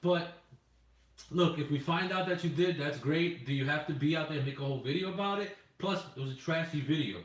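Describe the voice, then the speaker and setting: A man's voice: a little high, a little fast, distant mic. A man co-hosting a casual chat, blunt and profane, often mocking. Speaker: podcast co-host. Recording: echoey room, off-mic.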